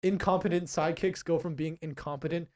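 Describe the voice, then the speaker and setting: A young man chats on his podcast, recapping a film in a loose, rambling way. His voice sits a little high for a man. He jumps into quick acted-out lines from the scenes as he goes. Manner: rambling, animated movie recap with acted quotes. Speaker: podcast co-host. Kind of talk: casual chat.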